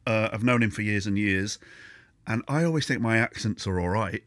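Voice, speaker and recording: Man, low voice, dry close sound, sarcastic casual banter, podcast host. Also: moderate pace, a bit bright, dry recording. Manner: teasing, sarcastic banter with frequent laughs. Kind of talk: casual chat.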